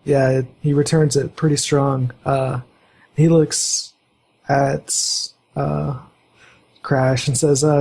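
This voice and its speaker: A man narrating as game master of a tabletop role-playing game, with a halting delivery full of fillers. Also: medium pitch, little pitch movement, gravelly, mellow, breathy edge, low-quality recording. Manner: halting, many fillers, voices NPCs lightly.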